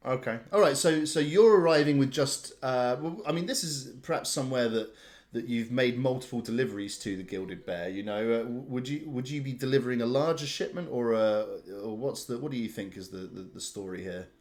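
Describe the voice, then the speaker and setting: A man running a tabletop game, narrating with frequent restarts and pauses. His voice is plain and mid-pitched, moving along at an easy pace. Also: darkish tone. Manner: halting, many restarts. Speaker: game master.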